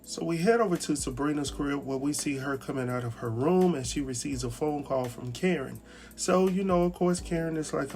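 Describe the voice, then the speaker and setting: A man's voice: fairly high pitch, vocal fry. Chatty man recapping a TV episode. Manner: chatty, animated, acts out characters' lines. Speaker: TV recap host. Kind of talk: casual recap commentary.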